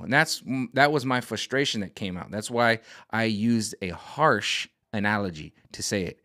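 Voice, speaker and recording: A man ranting casually to camera as a vlogger, animated and exasperated. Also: on the low side, moderate pace, few pauses, no echo, studio quality. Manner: animated, exasperated, jumps into quoted voices. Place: home room set up for streaming.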